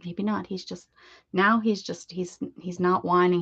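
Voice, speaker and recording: In her home craft room, a woman hosts a crafting livestream, chatting casually, greeting viewers by name and talking to her pets. Her voice is lowish and a bit bright at a normal pace, and the stream audio is dull and lo-fi.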